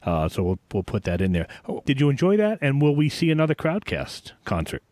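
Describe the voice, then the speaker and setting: A man's voice: medium pitch, huge pitch swings, a little fast, darkish tone, dry recording, studio quality. A man hosting a podcast interview, casual, jokey and self-deprecating. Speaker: podcast host.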